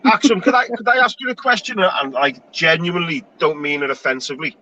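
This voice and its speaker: Chatty high-voiced man. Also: brisk, bright, forceful tone, a little hiss or hum, poor audio. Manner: chatty, rambling, with frequent restarts and laughs. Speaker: show host. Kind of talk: casual panel chat.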